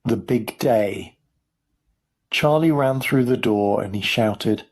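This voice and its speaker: A man narrating a children's story for English learners in a clear, measured storytelling voice. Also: lowish voice, a little mellow. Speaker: audiobook narrator.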